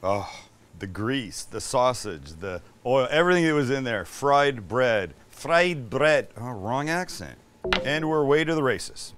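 A man's voice: medium pitch, big pitch swings, measured pace, fairly bright tone, slight background noise. A man from Canada, hosting a casual cooking demonstration in a home kitchen. He talks chattily and enthusiastically and swears now and then. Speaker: cooking show host.

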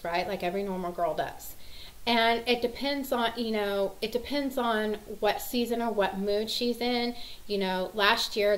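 A woman's voice: mid-range voice, low-quality recording. A mother talking casually to the camera, telling about her busy morning in a rambling, chatty way full of fillers. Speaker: mother of several children.

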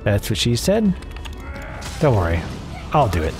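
A man's voice: fairly low pitch, huge pitch swings, unhurried, music in the background. A man from the American South with a Southern accent, giving casual, profane, sarcastic commentary on a game. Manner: sarcastic, profane, rambling asides. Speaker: gameplay commentator. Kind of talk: casual let's play commentary. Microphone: desk mic at home.

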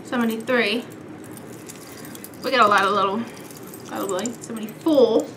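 A woman's voice: fairly high pitch, normal speed, a bit bright, a little hiss or hum. A young woman vlogging casually at home, playful and sassy, calling her viewers darlings and girls. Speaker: beauty vlogger. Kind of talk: casual chat.

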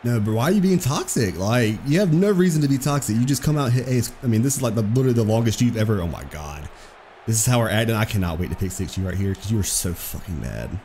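A young man giving excitable, profane live commentary over his own football video game match, trash-talking his opponent. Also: lowish voice, fast talker, a little hiss or hum. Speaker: gaming streamer.

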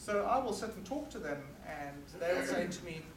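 A South African man giving an earnest, forceful talk to an audience at an evening meeting. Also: sits high, expressive, normal speed, a little hiss or hum. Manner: earnest and forceful, emphatic repetition. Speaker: guest speaker. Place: meeting hall. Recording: roomy hall recorded from a distance.

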